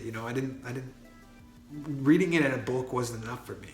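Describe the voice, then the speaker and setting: A man's voice: mid-range voice, normal speed. A man telling a personal story in a casual monologue, earnest and full of fillers and restarts. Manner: earnest, many fillers and restarts, grows excited. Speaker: vlogger. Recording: roomy echo with faint music.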